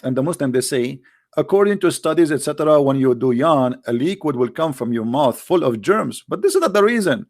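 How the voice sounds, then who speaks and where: Speaking at a moderate pace, an online debater with a medium-pitched, animated, slightly mellow male voice runs a solo monologue. His delivery is sarcastic and emphatic, and his English grammar is non-native.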